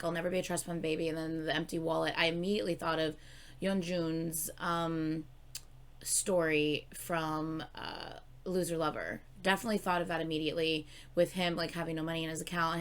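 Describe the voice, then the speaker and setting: A woman giving casual reaction commentary late at night, tired and yawning, bursting into excited exclamations and swearing. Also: low-pitched, fairly quick, smooth. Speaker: music reaction YouTuber.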